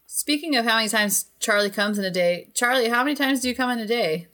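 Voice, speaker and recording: Woman co-host, bright tone, crude and casual, swears a lot. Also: fairly high pitch, expressive, fast talker. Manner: blunt, swearing, laughs easily. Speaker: podcast co-host. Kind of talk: crude casual couples chat.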